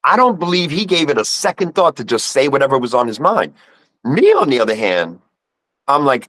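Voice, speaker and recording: A man's voice: medium pitch, big pitch swings, a little fast, a bit bright, no echo, rough recording. A man in his fifties with a New York accent, a guest telling a personal story in casual conversation and acting out the voices he quotes. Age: 50s.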